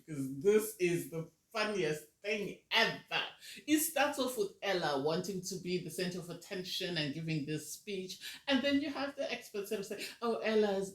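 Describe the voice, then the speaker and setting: A woman casually reviewing a reality TV episode, animated and ranting, often acting out what people said. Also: lowish voice. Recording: roomy echo.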